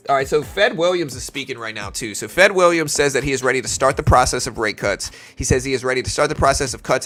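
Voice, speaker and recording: A man's voice: mid-range voice, fairly bright tone. A man with a light South Louisiana accent hosting a live trading stream, chatting casually with viewers as he calls out market moves. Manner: chatty, answers viewer chat while calling market moves.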